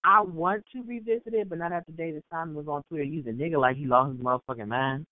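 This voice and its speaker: A man's voice: on the high side, fast, a little hiss or hum. A man from suburban Maryland, chatting casually as a podcast co-host and telling stories playfully. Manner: animated, playful storyteller, laughs often. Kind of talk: casual chat. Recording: tinny phone-like sound.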